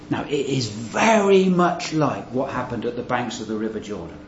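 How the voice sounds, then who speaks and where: A mid-range male voice preaches a sermon, teaching verse by verse in an earnest Bible-teaching style. He asks his listeners rhetorical questions and raises his emphasis on key phrases. The recording is muffled and roomy, with slight background noise.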